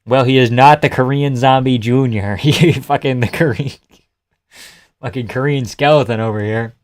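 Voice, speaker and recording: A man's voice: medium pitch, moderate pace. A young man hosting a live fight reaction stream, reading chat aloud, swearing and laughing often as he jokes. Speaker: livestream host.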